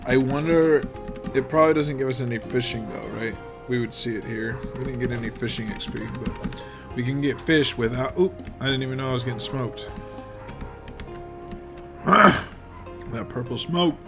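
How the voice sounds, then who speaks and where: Laid-back man at a mid pitch for a chill playthrough, rambling chatty asides, game music clear behind. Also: normal speed, pauses often. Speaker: gaming channel host. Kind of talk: casual gameplay commentary.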